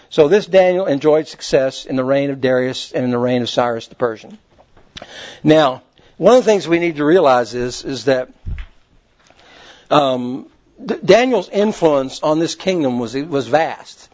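A man's voice: mid-range voice, moderate pace, darkish tone. A man teaching a Bible class in a folksy, rambling way, often restarting his sentences. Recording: muffled lo-fi recording.

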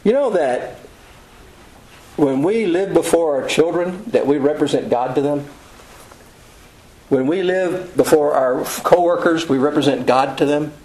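Male preacher, slightly raised pitch, folksy conversational sermon delivery. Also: darkish tone, rough recording. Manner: conversational, folksy storytelling with quick asides.

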